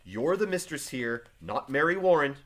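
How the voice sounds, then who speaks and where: A man's voice: mid-range voice, expressive, normal speed, fairly bright tone, natural voice. A man voicing John Proctor, a stubborn farmer husband, read aloud from a play with old-fashioned phrasing. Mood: earnest. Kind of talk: reading play aloud to a class.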